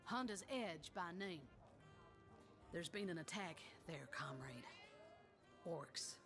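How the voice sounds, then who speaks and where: Game music plays behind a woman voicing a loud, Southern-accented retired warrior woman in a video game. Her lowish voice moves slowly with lively intonation, and her lines are homespun, stirring, and full of old sayings.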